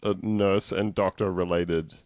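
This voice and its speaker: A man's voice: deep voice, fairly even intonation, unhurried, darkish tone, no room sound. A man with an Australian accent co-hosting a casual comedy podcast, riffing with sarcastic banter. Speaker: podcast co-host.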